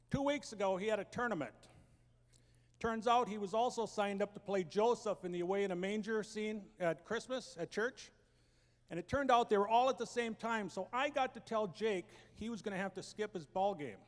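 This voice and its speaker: A man in his thirties telling family stories as a stand-up comedian, acting out the voices and building to shouted punchlines on an auditorium stage. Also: sits high, normal speed. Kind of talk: stand-up storytelling. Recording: long hall reverb.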